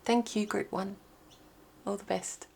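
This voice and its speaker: Filming herself while glancing at a small screen, this intuitive card reader chats through a pick-a-card reading, musing aloud as each card comes up. Her medium-pitched voice is steady, a little slow, creaky, slightly mellow and a touch rough.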